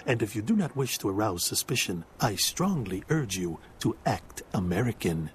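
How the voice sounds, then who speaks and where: A man's voice: lowish voice, sing-song, normal speed. An actor playing a shady man selling a fake ID, giving grave, conspiratorial advice.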